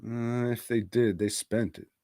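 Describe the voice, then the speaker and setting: Brief: profane, rambling male podcast co-host, slow delivery, dry sound. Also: mid-range voice, fairly even intonation, mellow, no room sound. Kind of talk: casual movie review chat.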